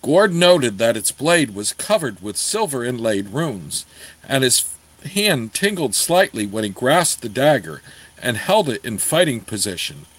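A man's voice: medium pitch, unhurried, low-quality recording. Man reading a fantasy novel aloud. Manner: steady storytelling, apologizes for page turns. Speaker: audiobook reader.

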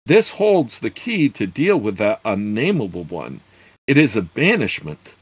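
A man's voice: fairly low pitch, huge pitch swings, measured pace, breathy edge, no room sound, heavily acted. A man voicing an eager young male thief adventurer in archaic phrasing. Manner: eager, exclamatory archaic speech.

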